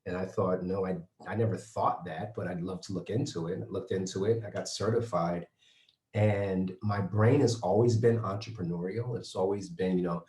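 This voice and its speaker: Deep-voiced man, echoey sound. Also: fairly even intonation, moderate pace, warm tone. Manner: upbeat, laughs while telling stories. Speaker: guest, personal trainer. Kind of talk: interview conversation. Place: remote, in his own home base. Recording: echoey room.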